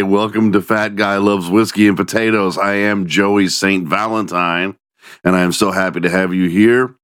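A man from the United States talks through a solo podcast in a loose, rambling way, cracking crude jokes and swearing freely. His voice sits very low, and the sound is dry and close, with no room around it. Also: fairly even intonation, normal speed, a bit bright, clean tone, dry recording. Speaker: podcast host. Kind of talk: casual solo podcast monologue.

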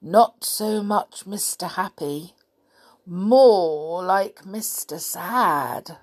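A woman's voice: fairly low pitch, extremely slow. Woman doing a wry, knowing little girl.

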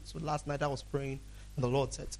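A man's voice: mid-range voice, little pitch movement, brisk, gravelly, darkish tone, a little hiss or hum. A man preaching a sermon as a pastor, talking in a conversational way, acting out dialogues and laughing often.

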